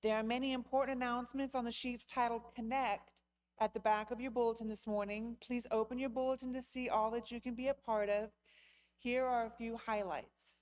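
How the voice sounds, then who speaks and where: A woman's voice: fairly high pitch, steady tone, low-quality recording. Earnest woman reading church announcements. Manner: earnest, welcoming and measured. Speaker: church board treasurer giving announcements. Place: church sanctuary during a service.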